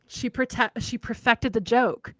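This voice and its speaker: Speaking slowly in a slightly high voice, a young woman hosts a laid-back livestream chat. She's an animated storyteller who laughs a lot, and the recording is dry.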